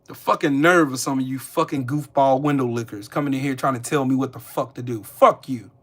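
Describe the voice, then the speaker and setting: A man's voice: medium pitch, brisk, fairly bright tone. A man hosting a live stream, ranting angrily and cursing as he talks back to his chat. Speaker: livestream host. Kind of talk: angry live-stream rant.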